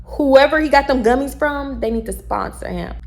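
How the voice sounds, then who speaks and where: A young woman from telling a casual storytime, blunt and animated, and she swears freely. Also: sits high, normal speed. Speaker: vlogger.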